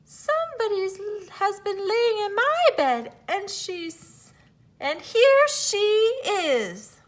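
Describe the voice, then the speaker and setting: A woman voicing a little small wee boy bear with a sharp, shrill, squeaky voice in a read-aloud fairy tale. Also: very animated, slow, exaggerated voice. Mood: upset.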